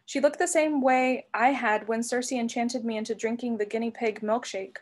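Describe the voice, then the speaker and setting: A woman reading a novel aloud in an expressive storybook manner. Her voice sits on the higher side. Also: moderate pace. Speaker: reader.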